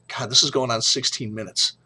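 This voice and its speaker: A man's voice: mid-range voice, fairly even intonation, measured pace, pushed and bright, slightly rough. A middle-aged man talking frankly and emotionally in a personal vlog, blunt and profane but earnest. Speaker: vlogger.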